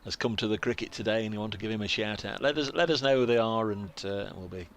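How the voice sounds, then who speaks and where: A man's voice: lowish voice, fast talker. A man with an English accent giving live, chatty cricket commentary from a commentary box at a ground, reading out messages from viewers and poking fun at himself. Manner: chatty, self-deprecating, reads out viewer messages.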